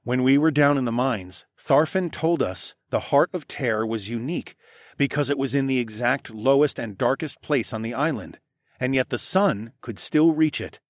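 A man narrating a first-person fantasy audiobook in an expressive way, hushing for dialogue tags. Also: mid-range voice, moderate pace, dry recording, studio quality. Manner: expressive, drops to a hush for tags.

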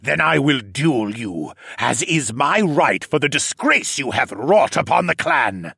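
An outraged young clan heir who shouts his lines slowly and forcefully, as a man reading a story plays him. The voice is husky and full of gravel. It is recorded dry and close. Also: medium pitch, big pitch swings, no echo, voice pushed up, exaggerated voice. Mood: furious. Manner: bellowing, slow and forceful.

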